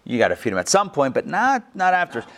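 A man's voice: fairly high pitch, huge pitch swings, fast, gravelly, fairly bright tone. A man casually teaching a study class, asking the group questions and making joking asides.

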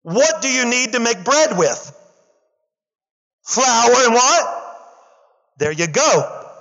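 High-voiced man preaching in a big hall. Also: slow, muffled recording. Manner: animated preaching, calls for audience response; acts out characters' lines in casual slang. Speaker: pastor. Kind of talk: sermon. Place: church.

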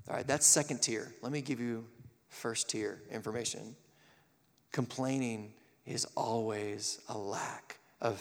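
Animated male preacher in an echoey hall. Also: mid-range voice. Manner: animated, acts out quotes and stories. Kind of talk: live sermon.

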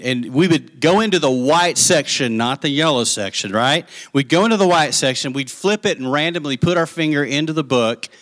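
A man's voice: medium pitch, a bit bright. A man from Texas, preaching a sermon in a folksy, chatty style and telling a boyhood story with questions to his listeners.

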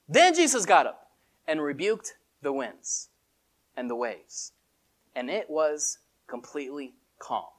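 A preacher giving a sermon in casual, animated storytelling with many filler words. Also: medium pitch.

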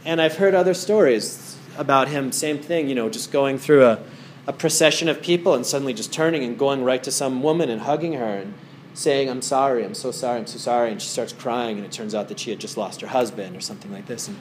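A man's voice: mid-range voice, brisk, few pauses, a little hiss or hum. Rambling casual male meditation teacher. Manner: rambling storyteller with many fillers. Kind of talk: casual talk to a small group. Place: wellness center room.

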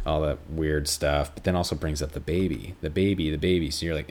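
A man's voice: low-pitched, moderate pace, a little mellow. A young man hosting a casual solo film podcast, rambling and swearing freely with lots of fillers. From Canada. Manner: rambling, profane, frequent fillers. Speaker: podcast host, film reviewer.

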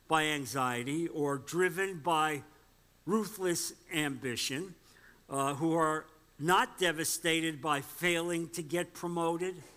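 Male pastor, high bright voice, slow deliberate sermon delivery, emphatic. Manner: emphatic, repeats points and asks the congregation questions; quotes scripture aloud.

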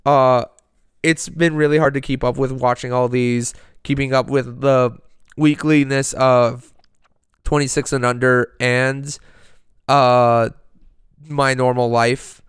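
A man's voice: medium pitch, level tone, slow pace, smooth, no room sound, studio quality. A man co-hosting a podcast in casual chat, enthusiastic and rambling, swearing freely. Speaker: podcast co-host.

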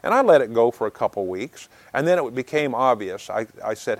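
A man's voice: on the low side, a little fast, no room sound. A man speaking earnestly and plainly, giving advice on resolving conflict, with frequent small restarts. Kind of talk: unscripted advice talk.

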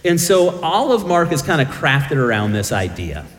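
Middle-aged pastor guy, animated up-and-down voice, a bit high, jokes at his own expense, hall echo. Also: moderate pace. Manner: self-deprecating storytelling with humor. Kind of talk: sermon.

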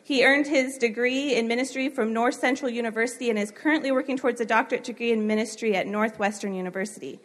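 A woman's voice: a little high, fast talker, few pauses, a bit bright. A woman introducing the chapel speaker, reading his background with fillers. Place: college chapel.

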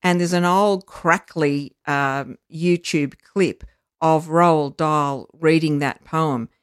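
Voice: medium pitch, smooth, no echo. Teacherly educator, dry sound. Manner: measured, teacherly, frequent ums and uhs. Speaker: literacy educator. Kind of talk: explanatory podcast chat.

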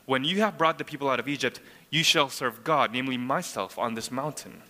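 A man's voice: mid-range voice, brisk, pushed and bright. A man preaching a sermon who explains scripture verse by verse and keeps asking the room rhetorical questions. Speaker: pastor. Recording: long hall reverb.

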